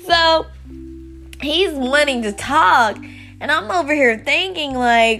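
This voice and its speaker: Woman, casual storytime vlog, rambling and animated, faint music underneath. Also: sits high, slow. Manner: rambling, animated, many restarts and fillers.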